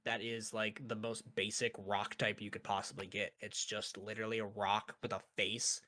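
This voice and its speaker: A man's voice: lowish voice, flat delivery, moderate pace, bright, forceful tone. A young man hosting a casual ranking chat, rambling and laughing often. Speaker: host ranking characters.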